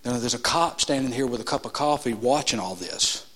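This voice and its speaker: A man preaching a sermon in a church. He tells stories, building to loud emphatic peaks and then dropping low and quiet. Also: animated, a little fast. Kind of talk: sermon with storytelling. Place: church sanctuary. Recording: long reverb of a large hall.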